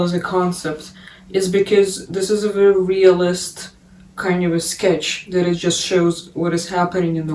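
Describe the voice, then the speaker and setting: A man's voice: sits high, a little mellow. A man co-hosting a podcast in a casual book discussion, agreeing readily and explaining his view. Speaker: podcast co-host. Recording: roomy, distant mic.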